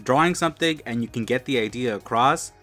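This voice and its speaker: A man's voice: medium pitch, fairly quick, sharp tone, faint music behind. A man hosting a casual chat in an easygoing way, laughing often. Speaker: host.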